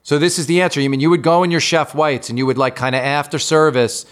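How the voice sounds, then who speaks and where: A man's voice: on the high side, steady tone, quick pace, clean tone. A man in his fifties hosting a casual interview, eagerly asking follow-up questions. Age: 50s. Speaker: podcast host.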